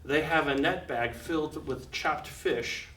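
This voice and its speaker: An older man spins a true adventure yarn for a live crowd, laughing softly at his own story and slipping into the voices of its characters. His voice is bright and sits a little high. He sounds a bit distant from the mic, in an echoey room with a faint hum behind him. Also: measured pace. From United States. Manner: chuckles often, acts out quoted voices. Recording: roomy, slightly distant, faint background hum.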